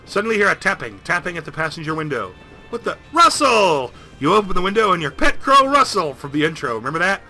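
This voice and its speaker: A man narrating a video game playthrough in a jokey, rambling, animated way. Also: sits high, fast, soft background music. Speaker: game streamer. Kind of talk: comedic let's-play narration.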